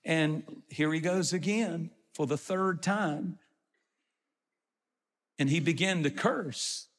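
A man's voice: on the high side, slow pace, long reverb tail. A man preaching a sermon, retelling scripture and explaining it in plain everyday words. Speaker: pastor.

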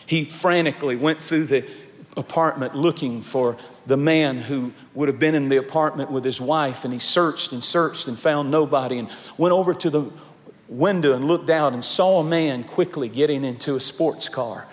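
A man's voice: mid-range voice, normal speed, in a large hall. A male pastor preaching a sermon, telling stories and rising to emphatic points. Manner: storytelling, rising to emphatic peaks.

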